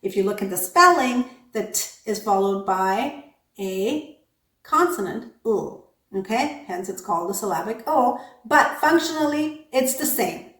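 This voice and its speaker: A woman teaching English pronunciation, patiently explaining sound rules, saying example words slowly and often checking in with "okay?". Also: mid-range voice, expressive, fairly bright tone, reverberant. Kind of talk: pronunciation lesson.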